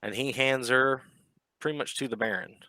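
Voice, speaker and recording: A man's voice: medium pitch, steady tone, normal speed, pushed and bright, no echo. A man narrating as game master of a tabletop game, casual and descriptive.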